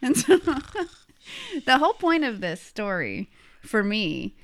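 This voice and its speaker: Her high voice swings hugely in pitch, and she takes it slowly. A middle-aged co-host from the United States, she laughs often as she rambles chattily through a travel tale in casual podcast chat.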